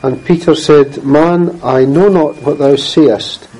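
A man reading scripture aloud and then preaching, in a measured, earnest way, often clearing his throat. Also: a little high, fairly even intonation, mellow, low-quality recording.

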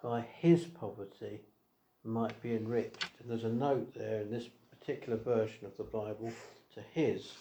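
A man preaching an evangelistic sermon, asking rhetorical questions and swinging between quiet asides and raised emphasis. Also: fairly low pitch, steady tone, normal speed, a little hiss or hum. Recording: echoey hall.

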